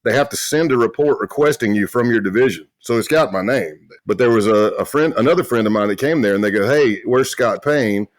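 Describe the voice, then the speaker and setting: A middle-aged man, a retired federal agent from South Carolina, telling stories in a loud, brash, boisterous way in a casual interview. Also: fairly low pitch, expressive, fast talker, few pauses, no room sound. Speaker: guest, retired FBI agent.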